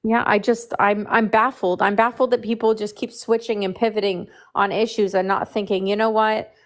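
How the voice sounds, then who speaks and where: A woman's voice: mid-range voice, steady tone, moderate pace. A woman arguing in a heated debate, indignant and emphatic, firing off rhetorical questions. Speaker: debate participant.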